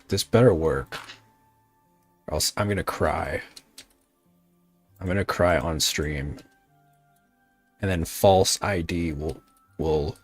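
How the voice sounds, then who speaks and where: A man's voice: low-pitched, no room sound. A man streaming a modded game, grumbling at it and talking back to his chat, swearing now and then. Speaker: VTuber streamer. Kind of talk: casual gaming livestream chat.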